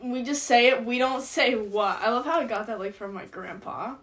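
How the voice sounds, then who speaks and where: An eighteen-year-old woman in a casual chat with a friend. Her voice sits a little high, and her talk is slangy and loose. She laughs easily and sometimes runs her words together. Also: normal speed, fairly bright tone. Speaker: podcast co-host.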